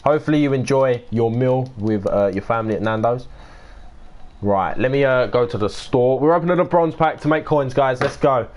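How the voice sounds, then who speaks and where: Chatty 19-year-old British streamer. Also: male voice, medium pitch, normal speed, a little mellow. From United Kingdom. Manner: chatty, reads out and answers viewer messages; swears and grumbles while playing. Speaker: live streamer. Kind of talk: casual live-stream gameplay chat.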